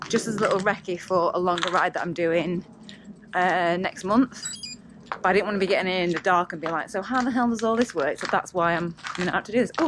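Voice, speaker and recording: A woman chatting casually to camera on a bike ride, bubbly and exclamatory. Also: lowish voice. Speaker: cycling vlogger. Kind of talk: casual vlog chat to camera while cycling. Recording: outdoor road noise, music underneath.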